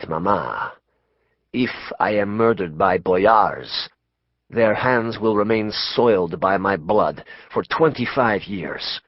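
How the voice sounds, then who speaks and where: Brief: narrator doing a hushed, ominous male prophet, lively pitch, dull dry audio. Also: no echo. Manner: slow, hushed, ominous delivery. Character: grave male mystic prophet foreseeing doom. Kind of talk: audiobook character voice.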